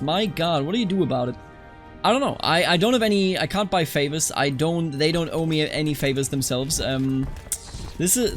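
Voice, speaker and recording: Animated young man with a higher voice. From Germany. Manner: animated, quick to mock outrage, talks to game characters. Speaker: strategy game let's-player. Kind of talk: casual gameplay commentary.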